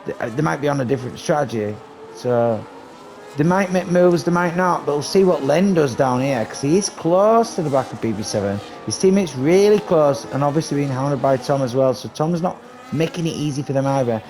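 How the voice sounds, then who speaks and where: A man giving casual, excitable live commentary on a sim racing league, chatty and swearing casually, with game noise behind him. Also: a little high, fairly quick. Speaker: race commentator.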